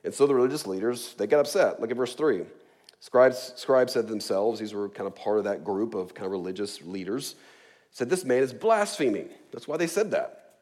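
A man's voice: lowish voice, moderate pace. A man in his forties preaching a sermon in a conversational way, often checking in with "right?" and stressing key words. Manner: conversational, frequent "right?" asides, lively emphasis. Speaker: pastor.

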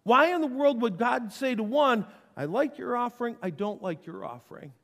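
A man preaching a sermon in an animated way, acting out the voices he quotes. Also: very high-pitched, moderate pace, vocal fry. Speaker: pastor. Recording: long hall reverb.

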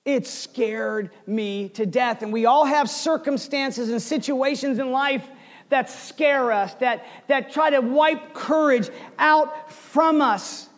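A man in his forties preaching a sermon, telling a story with swings between loud bursts and hushed asides. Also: very high-pitched, takes it slowly, long reverb tail. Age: 40s. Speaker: pastor.

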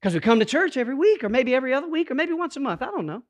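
A man with a notably high voice delivers a sermon. He drops to near-hushed tones, then builds to emphatic, rhythmic repetition aimed at his congregation. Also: very animated, rapid-fire. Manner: dynamic preaching, swings from hushed to emphatic. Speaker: pastor.

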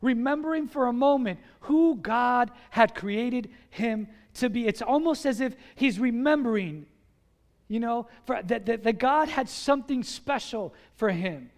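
A man's voice: very high-pitched, unhurried, big-room sound. A man preaching a sermon in a conversational, earnest way, telling a scripture story and urging the congregation. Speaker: pastor.

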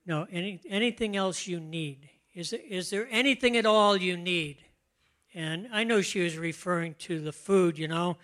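An older man preaching a conversational sermon, relaxed and chatty, often laughing and slowing to stress key words. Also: high-pitched. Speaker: pastor.

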